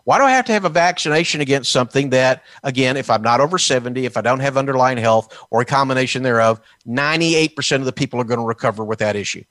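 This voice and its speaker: A man from Texas delivering a fiery political commentary, sarcastic and combative. His voice sits at an ordinary middle pitch. The sound is dry and close, with no room echo. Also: quick pace, few pauses, a bit bright. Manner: combative and sarcastic, mocking officials in put-on quotes. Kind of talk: heated political talk.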